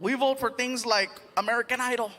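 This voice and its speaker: A man performing a stand-up comedy set on a live stage, animated and laughing often, slipping into voices for his bits. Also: extremely high pitch, fairly quick. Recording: live show with audience noise.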